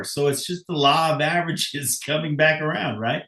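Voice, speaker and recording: A man who is a coach, talking casually and warmly and laughing as he speaks. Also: on the high side, normal speed, few pauses. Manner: warm, laughs while talking. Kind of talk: casual chat. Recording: roomy echo.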